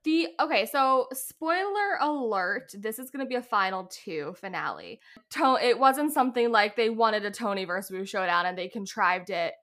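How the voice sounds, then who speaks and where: A bright-voiced woman co-hosting a podcast, chatting casually and animatedly about a TV show. Her voice sits a little high and sounds crisp and lively, with plenty of restarts and fillers. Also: normal speed. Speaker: podcast co-host. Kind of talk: casual chat recapping a reality show.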